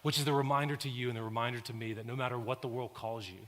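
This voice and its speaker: A man's voice: mid-range voice, rapid-fire. Man preaching in a reverberant church. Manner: builds from calm to loud, intense preaching. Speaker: pastor. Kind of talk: sermon. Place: church sanctuary. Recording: long hall reverb.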